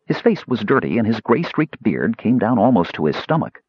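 A man reading a fantasy novel aloud in measured scripted narration, in a dull lo-fi audiobook recording. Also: lowish voice, big pitch swings, husky, no echo.

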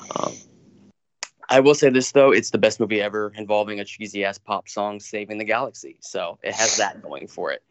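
A man co-hosting a film review chat, laid-back and hesitant, filling pauses and swearing casually. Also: fairly low pitch, a bit bright, no echo, dull audio. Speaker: podcast co-host reviewing films.

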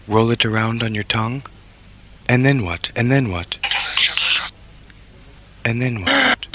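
Man, spoken-word art piece, insistent repeated questions, deep voice, heavy noise. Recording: loud noisy recording.

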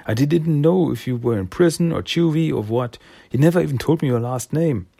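A man's voice: fairly high pitch, brisk, gravelly, dark tone, pitched above the performer's own voice. A man voicing a slick young male mutant ferret hustler with a chummy, wheedling street manner. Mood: pleading.

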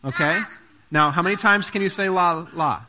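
A man's voice: high-pitched, brisk, sharp tone. A man giving a playful children's sermon, asking the kids questions and joking with them. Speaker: pastor.

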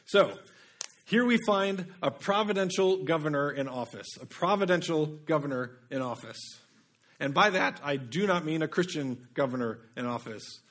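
A man delivering a sermon with a fairly high-pitched voice. He talks in a relaxed, conversational way and keeps checking in with his listeners through rhetorical questions. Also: moderate pace. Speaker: preacher.

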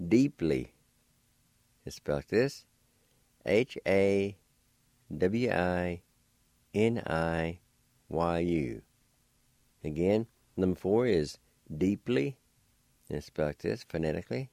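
A middle-aged man hosts a radio language lesson, spelling out each word letter by letter. His voice sits very low and mellow, and he takes his time. The sound is close and dry, as from a radio studio. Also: vocal fry, no room sound. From Oklahoma. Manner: slow, deliberate, spells and sounds out words syllable by syllable. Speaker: radio host teaching vocabulary.

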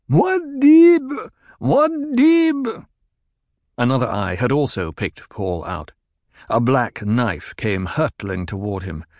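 Low-voiced man narrating a story. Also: dry recording, clean studio sound. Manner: measured, dramatic reading. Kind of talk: scripted audiobook narration.

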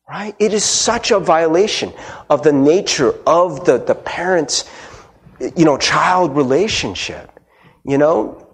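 A man's voice: on the high side, measured pace. A male pastor preaching a casual, conversational sermon, often checking in with the congregation and acting out quoted voices. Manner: animated, conversational, frequent "right?" asides.

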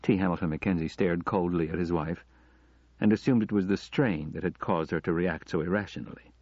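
A male audiobook narrator with a low, husky voice and a steady, measured delivery. The recording is dry and close, with a dull, lo-fi tone. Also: dry recording.

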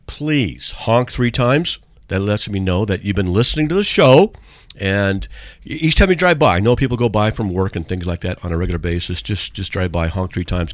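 A man's voice: sits low, no echo. A man hosting a call-in radio show from a studio, talking in a casual, joking and rambling way.

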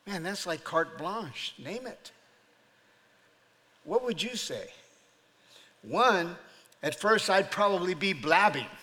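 Animated older man preaching in a reverberant hall. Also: on the high side. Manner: animated storyteller, acts out voices, laughs often. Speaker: pastor. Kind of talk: sermon.

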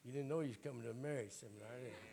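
A middle-aged man preaches an informal Pentecostal sermon in a church, talking very fast at medium pitch while a crowd is audible in the background. His voice is hoarse and raspy, he often clears his throat, and he makes folksy, joking asides to the congregation.

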